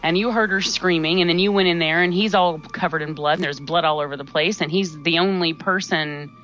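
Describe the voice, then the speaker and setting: A woman thinks aloud in a casual podcast chat, voice low. The sound is dull and muffled, with faint music underneath. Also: fairly quick, a bit bright. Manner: musing, reasoning aloud. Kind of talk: casual movie review chat.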